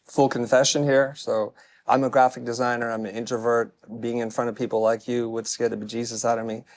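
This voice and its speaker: A middle-aged man gives a stage talk on personal branding. He is frank and self-deprecating, and he drifts from story to story. His voice sits at an ordinary pitch for a man. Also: level tone, brisk. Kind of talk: stage talk to a live audience.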